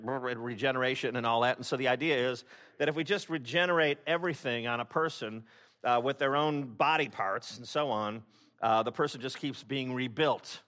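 A man's voice: medium pitch, steady tone, moderate pace, pushed and bright. A man preaching a sermon to his congregation in a conversational, wry way, often breaking off and restarting his sentences. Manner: conversational, self-interrupting, wry. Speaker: pastor.

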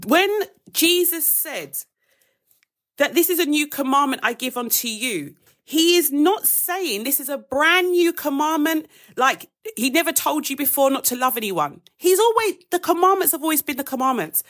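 Woman, high voice, live devotional host; casual Bible teaching, rushes and corrects herself mid-list. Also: a bit bright. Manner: chatty, addresses viewers as guys, rushes and corrects herself. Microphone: phone or webcam on a live stream.

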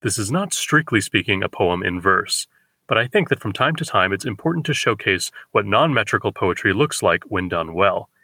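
Measured man explaining poetry, bright tone. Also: fairly low pitch, expressive, breathy edge, no echo. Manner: measured, explanatory, slows for quoted verse. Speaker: poetry podcast host. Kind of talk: lecture on poetry with readings.

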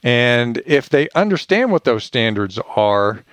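Man, podcast guest, animated storyteller, dry close sound. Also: medium pitch, measured pace, smooth, no room sound. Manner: animated, acts out quoted voices. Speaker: podcast guest, leadership author. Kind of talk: casual storytelling.

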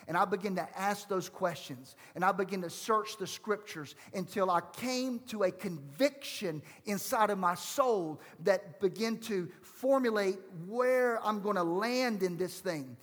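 High-voiced pastor preaching in a reverberant hall. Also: male voice, fairly bright tone. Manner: emphatic, rhetorical questions to the congregation. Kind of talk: sermon.

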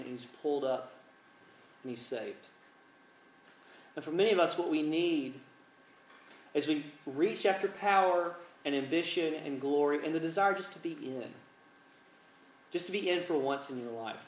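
A man preaching and praying, animated in storytelling and earnest in prayer. His voice runs a little high. He sounds distant in a reverberant room with faint ambience. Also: a little hiss or hum. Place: large room, evening gathering.

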